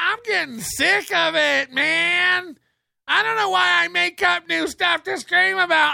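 A man doing an impression of an adult man screaming and whining through a solo rant, shouting and close to crying. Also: creaky, no room sound, exaggerated voice. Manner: shrill, shouting, near-crying complaints. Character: whiny screaming adult man ranting alone.

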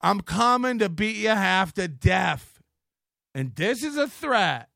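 A man's voice: high voice, animated, takes it slowly, vocal fry, sharp tone, no echo, studio quality. A man hosting a live online show in casual commentary, profane and mocking, laughing often.

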